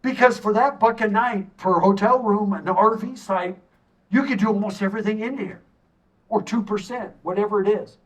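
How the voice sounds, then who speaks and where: A middle-aged man giving an animated presentation to a town audience from a stage, telling stories with jokey asides. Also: high voice, moderate pace, recorded from a distance, low-quality recording. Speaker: tourism consultant giving a community assessment. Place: stage in a hall.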